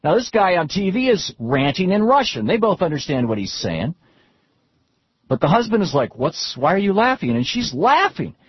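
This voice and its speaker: A husky, slightly breathy middle-aged man talking politics in an unscripted, rambling way, often stumbling and restarting mid-phrase. The sound is dry with no room around it, on a dull, lo-fi recording. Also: high voice, big pitch swings, normal speed, no echo. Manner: rambling, frequent restarts and repeated words. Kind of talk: unscripted political talk with anecdotes.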